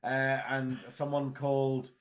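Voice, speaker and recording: A man's voice: mid-range voice, completely flat delivery, slow. A man co-hosting a casual comedic review podcast, joking and laughing over a video call. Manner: playful, laughing, slips into mock voices. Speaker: podcast co-host.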